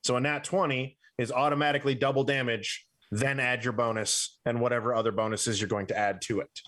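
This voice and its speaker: A man running a tabletop game as game master, narrating scenes in a slow, deliberate way. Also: medium pitch, steady tone, a bit bright.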